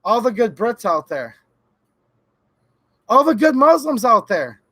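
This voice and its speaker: Man, live stream host, ranting, sarcastic, high-pitched voice, dry close sound. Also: sing-song, measured pace, pushed and bright, dry recording. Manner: heated, sarcastic, mocking voices of others.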